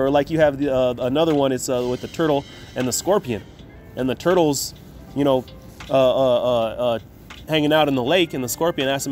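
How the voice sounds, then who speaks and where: A man's voice: mid-range voice, darkish tone, a little hiss or hum. Man teaching scripture in a casual way. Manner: reads verses slowly and emphatically, then talks loosely, tagging lines with "man". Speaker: Bible teacher. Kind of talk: scripture reading with casual commentary.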